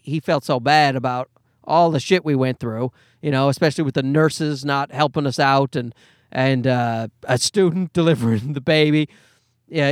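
Animated, high-voiced man telling a rambling story. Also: no room sound, clean studio sound. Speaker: podcast host. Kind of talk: casual storytelling monologue.

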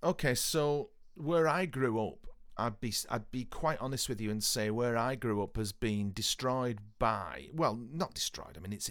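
A man from Northwest England talks about old films in an easy, unscripted chat. His voice sits at a middling pitch, and the sound is dry and close with no room around it. He gets animated, doubles up words for emphasis and drops the odd swear word. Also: no echo. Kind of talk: casual film chat.

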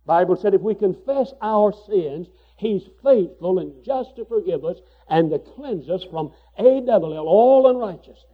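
A man's voice: high-pitched, expressive, moderate pace, hardly any pauses, husky, narrow, tinny audio. A man preaching a sermon with fervor, repeating phrases for emphasis.

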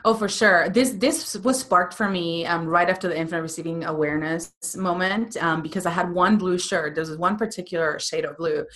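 Woman, podcast guest and coach, energetic, acts out quotes. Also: fairly low pitch, a little fast, hardly any pauses. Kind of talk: podcast interview.

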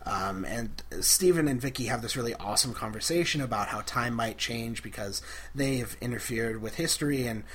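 A man's voice: mid-range voice, moderate pace, fairly bright tone, slightly rough. A man co-hosting a podcast, recapping an episode in casual chat, enthusiastic and giggly with lots of fillers. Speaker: podcast co-host.

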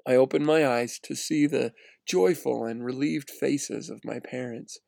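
A man reads a personal story aloud in an earnest, steady way, sometimes restarting a phrase. His voice is gravelly and fry-tinged, recorded close and dry with no room sound. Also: mid-range voice, a little slow, no echo. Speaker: narrator. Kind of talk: read-aloud first-person story narration.

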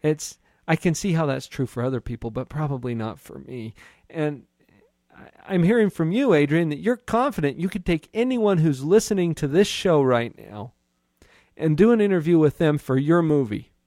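A man with a fairly high voice hosts an interview show and talks in a reflective, unhurried way. He often turns to address the listeners directly. His voice sounds close and dry, with no room echo. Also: animated, mellow. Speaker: podcast host, doctor. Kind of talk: casual interview talk.

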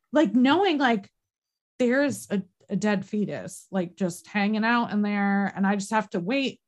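Earnest woman, halting emotional talk. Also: a little high. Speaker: podcast conversation participant. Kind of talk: candid personal conversation.

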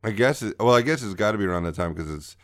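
A man's voice: on the low side, expressive, fast talker, fairly bright tone. A man co-hosting a podcast over a video call, rambling and teasing in casual chat. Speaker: podcast co-host.

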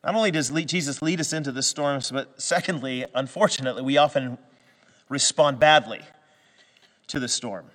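A man's voice: medium pitch, normal speed, fairly bright tone, big-room sound. A man from western Canada preaching a sermon in a conversational way, with restarts and fillers that build to emphatic peaks. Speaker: pastor.

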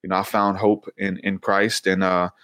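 A man speaking as an interview guest, earnest and halting, often repeating words as he tells his story. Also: deep voice, level tone, a bit bright, no room sound, studio quality. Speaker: interview guest, Christian minister. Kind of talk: casual interview conversation.

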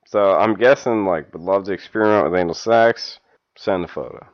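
A man's voice: low-pitched, normal speed. A man co-hosting a podcast in casual comedic chat, reading things aloud with dry, wry asides, recorded with dull lo-fi sound. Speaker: podcast co-host.

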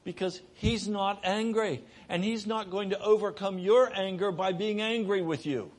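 A middle-aged man preaching a sermon, moving between raised, urgent delivery and hushed, soft passages. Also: high voice, normal speed.

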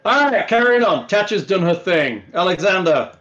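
A man's voice: sits high, big pitch swings, moderate pace, fairly bright tone. A man running a tabletop game as game master, narrating in a laid-back, joking way. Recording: dull lo-fi audio.

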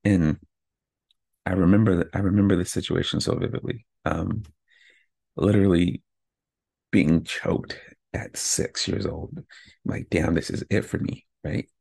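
Male podcaster, a father, gravelly low voice with a husky edge, close dry mic, motivational and candid. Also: fairly even intonation, unhurried, long pauses, darkish tone, no room sound. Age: adult with kids. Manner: candid, pumped-up self-talk with frequent "right?". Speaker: podcast host.

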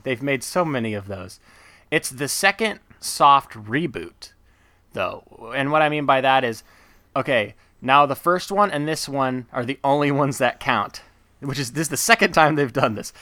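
Male podcast host, enthusiastic rambler, bright tone, dry close sound. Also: mid-range voice, lively intonation, moderate pace, no echo. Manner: rambling, enthusiastic, full of fillers and asides. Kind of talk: casual chat.

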